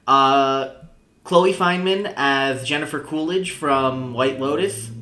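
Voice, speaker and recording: Bright-voiced young man chatting, echoey room. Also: medium pitch. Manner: chatty, laughs often, halting restarts. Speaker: podcast co-host. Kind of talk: casual chat.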